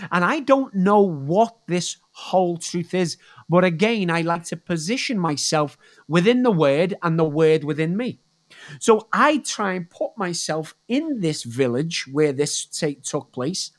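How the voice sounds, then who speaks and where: Slow preacher, emphatic sermon, keeps repeating words, mid pitch.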